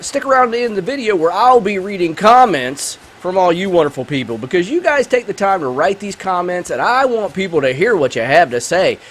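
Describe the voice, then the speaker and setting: Here a gaming channel host, male, cracks jokes and gets worked up while reviewing a movie over let's play footage, addressing viewers head-on. His voice is high, and there's faint hiss or hum in the audio.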